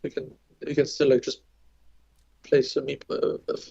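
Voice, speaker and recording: A man with a French accent talks through a live board game match, loose and unhurried, often restarting his sentences. His voice is dark and gravelly with a flat, even pitch, and the recording sounds a little dull and lo-fi. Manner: relaxed, thinks aloud with restarts. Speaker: co-commentator.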